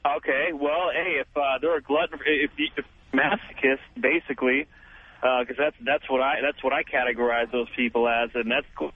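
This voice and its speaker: A man's voice: medium pitch, fairly even intonation, normal speed, breathy edge, dry recording. A man from Los Angeles calling in to a radio show, talking bluntly and rambling with lots of fillers and restarts. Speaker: caller. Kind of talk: call-in talk radio. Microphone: telephone. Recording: tinny phone line.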